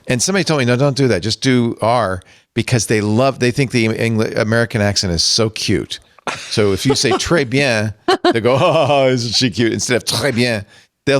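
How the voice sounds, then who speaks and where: A man's voice: on the low side, no room sound, clean studio sound. An older man hosting a tech podcast, chatting and joking, then reading the show's schedule and plugs. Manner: animated, jokey, reads show plugs. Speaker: podcast host. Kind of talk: casual chat.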